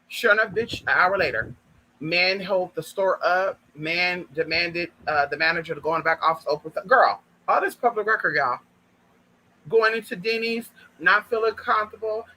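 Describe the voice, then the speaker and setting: A man telling a personal story to viewers in an animated, profane way, often calling them girl and y'all. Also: high-pitched, moderate pace, a little hiss or hum, low-quality recording. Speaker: vlogger. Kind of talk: casual storytime monologue.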